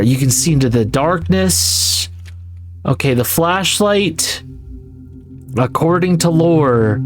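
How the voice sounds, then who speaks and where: A man giving casual, rambling gameplay commentary, swearing often. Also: a little high. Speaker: gaming YouTuber.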